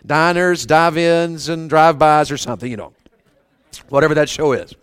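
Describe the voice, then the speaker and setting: A man's voice: fairly high pitch, moderate pace, fairly bright tone, clean tone. A man preaching a revival sermon, telling funny stories in a folksy, conversational way and calling on the congregation for amens. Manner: humorous storytelling, asks the crowd for amens.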